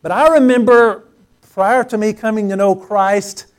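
A man preaching a sermon to a congregation, repeating phrases with rising emphasis and swelling loud on key words. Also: sits high, fairly even intonation, unhurried. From Pacific Northwest US. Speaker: pastor. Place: church sanctuary before a congregation.

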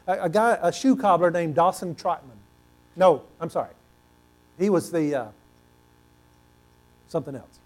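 A male pastor preaching a sermon, animated and asking the congregation questions, swinging between loud and hushed delivery. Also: fairly high pitch, unhurried, pauses often. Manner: repeats words for emphasis, asks the congregation questions.

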